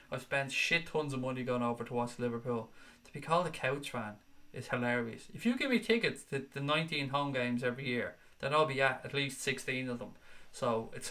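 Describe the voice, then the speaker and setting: Sweary football fan livestreamer. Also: male voice, mid-range voice, bright, forceful tone. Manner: casual, sweary, passionate fan banter. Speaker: football fan channel host. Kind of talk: livestream chat, reading viewer comments.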